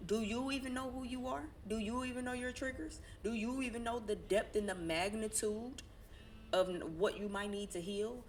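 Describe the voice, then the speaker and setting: A woman's voice: on the low side, slight background noise. A woman giving a casual tarot reading, talking in a blunt, preachy and colloquial way and swearing now and then. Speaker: tarot reader.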